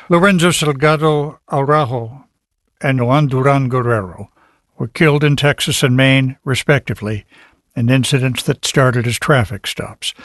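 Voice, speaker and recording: Male public radio news host, dry studio sound, measured interviewer. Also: medium pitch, no room sound. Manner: measured, conversational questioning. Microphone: studio microphone.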